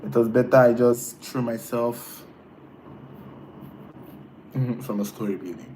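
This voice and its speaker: A man's voice: medium pitch, slow pace, mellow, slight background noise, poor audio. Chatty man hosting a live stream. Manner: chatty, laughs often, teasing viewers. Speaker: livestream host reading chat. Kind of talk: casual live-stream chat.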